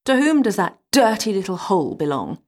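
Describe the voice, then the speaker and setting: Woman doing a spoiled princess, mocking then moaning, pitch jumps around. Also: big pitch swings, a little fast, darkish tone. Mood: scornful.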